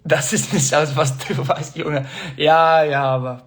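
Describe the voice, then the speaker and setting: A man's voice: on the high side, fairly even intonation, unhurried. A young man in casual livestream chat, reading fan comments aloud, laughing often and hopping between languages as he answers. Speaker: actor answering fans.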